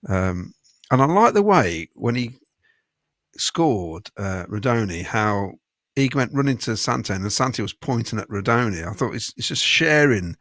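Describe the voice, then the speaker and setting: A man's voice: on the low side, big pitch swings, a little slow, fairly bright tone, no room sound, studio quality. A man hosting a casual football fan podcast, chatting, laughing often and reading out viewer messages.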